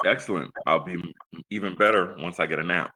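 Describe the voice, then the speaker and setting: A man's voice: sits low, brisk, pushed and bright, rough recording. A man co-hosting a casual talk show, laid-back and plainspoken. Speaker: co-host and founder.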